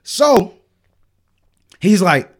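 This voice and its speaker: A man's voice: sits high, very animated, extremely slow. A man hosting a podcast, telling a story in casual chat, swearing freely and acting out what the other people said. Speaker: podcast host.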